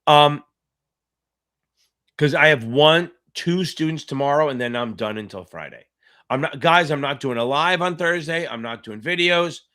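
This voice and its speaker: A man's voice: medium pitch, sharp tone. A middle-aged man tutoring on a casual live-stream Q&A, talking in a rambling, chatty way and swearing now and then. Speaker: exam tutor.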